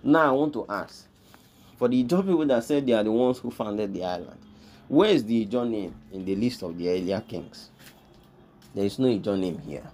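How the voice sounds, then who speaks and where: A man's voice: medium pitch, a little fast, a little mellow, slight background noise. A man, hosting a history lesson, walking through a pictured list and repeating each name with emphasis. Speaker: history channel host. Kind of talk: explaining pictured lists of names.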